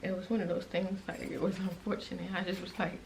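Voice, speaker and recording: Young woman vlogger, lowish voice, emotional and halting, casual storytime to her viewers. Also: flat delivery, vocal fry, a little hiss or hum, poor audio. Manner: emotional, halting, with many restarts and fillers; conversational and direct to viewers.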